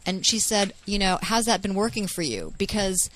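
A woman's voice: medium pitch, animated, normal speed, a bit bright, low-quality recording. A woman guest in a casual podcast conversation recorded in a garage, talking in an earnest, emphatic way. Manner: earnest, emphatic, quotes others often.

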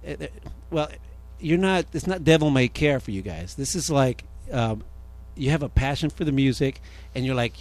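A man hosting a casual radio interview, loud and joking, rambling with many restarts. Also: medium pitch, expressive, normal speed, few pauses, soft background music. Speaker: radio show host.

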